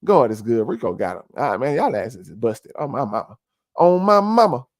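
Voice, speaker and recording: A man's voice: on the low side, animated, a little fast, darkish tone, no echo. Preachy man, close dry mic. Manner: preachy, repeats "family", heavy fillers. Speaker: commentary streamer. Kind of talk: casual conspiracy commentary.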